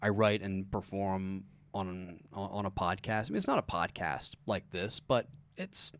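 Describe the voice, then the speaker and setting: Smooth-voiced man with dry self-mockery. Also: sits low. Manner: halting, self-deprecating deadpan humor. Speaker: guest comedian. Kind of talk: casual podcast chat.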